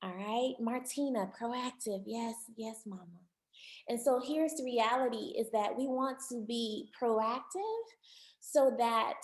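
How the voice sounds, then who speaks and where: A slightly high-voiced woman, a marriage counselor, talks at a measured pace during an online workshop, and the audio is reverberant. Animated throughout, she repeats words to drive points home and calls the people listening family.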